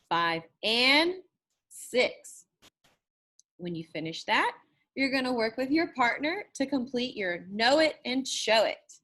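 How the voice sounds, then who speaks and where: Woman teacher, slightly high voice, super slow and patient, drags out the sounds. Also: fairly bright tone. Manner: slow, encouraging, drawn-out praise; stretches and repeats words to model sounds. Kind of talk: recorded classroom lesson.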